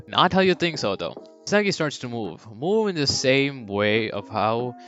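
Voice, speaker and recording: A young man casually narrating a fan-made sports story, rambling and swearing, with sudden high character voices. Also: sing-song, normal speed, hardly any pauses, fairly bright tone. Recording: dull lo-fi mic with faint background music.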